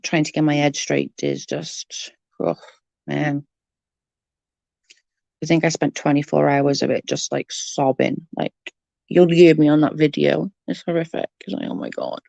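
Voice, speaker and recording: A woman's voice: low voice, fairly even intonation, unhurried, creaky, long pauses, warm tone, no echo, muffled recording. A woman with a Welsh accent chatting casually on a live stream, greeting viewers by name in an earnest, emotional way. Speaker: livestream host.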